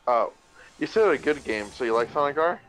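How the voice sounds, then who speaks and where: A man chatting casually as a guest in a laid-back, low-key way. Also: expressive, brisk, fairly bright tone, faint music behind. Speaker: guest and voice actor. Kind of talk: casual chat.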